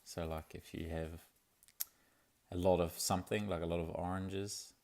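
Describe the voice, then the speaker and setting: Low gravelly man. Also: little pitch movement, a little slow, a little mellow. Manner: laid-back and rambling, with many fillers and restarts. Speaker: vlogger. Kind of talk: casual video diary.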